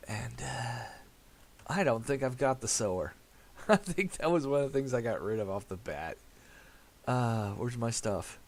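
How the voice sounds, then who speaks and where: A man's voice: medium pitch, slight background noise. A man casually commentating his farming game, rambling with many fillers and laughs. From America. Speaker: gaming channel host.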